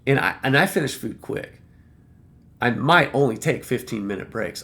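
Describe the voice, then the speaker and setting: A man with a gravelly, creaky edge to his voice tells a story from an old job as a casual rant. He is blunt and swears freely, and he circles back over the same phrases to hammer home his point. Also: medium pitch, animated, normal speed, a bit bright, soft background music. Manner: blunt, profane, repeats phrases for emphasis. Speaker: vlogger telling a work story.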